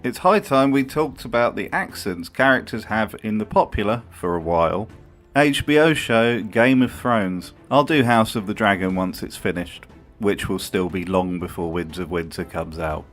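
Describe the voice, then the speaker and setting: A man's voice: on the low side, expressive, moderate pace, a bit bright, faint music behind. A man narrating a comedic video essay with a wry, mocking tone and dry asides. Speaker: video commentator.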